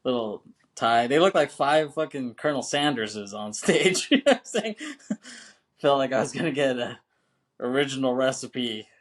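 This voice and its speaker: A man's voice: medium pitch, very animated, moderate pace. Male podcast co-host, casual and profane, laughs a lot, acts out quoted lines. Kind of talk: casual film chat.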